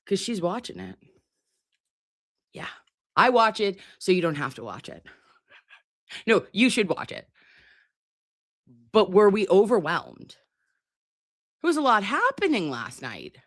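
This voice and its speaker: A woman's voice: mid-range voice, slow pace, pauses often, no room sound, studio quality. A woman hosting a casual live stream, chatting to her viewers in a playful, teasing and profane way. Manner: animated, swooping delivery.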